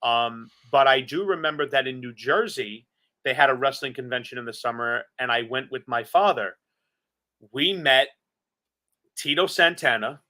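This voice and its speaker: A man's voice: mid-range voice, moderate pace, bright, forceful tone. A man from Staten Island, co-hosting a podcast and telling stories earnestly and with enthusiasm. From Staten Island, New York. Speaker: podcast co-host. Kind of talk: casual chat.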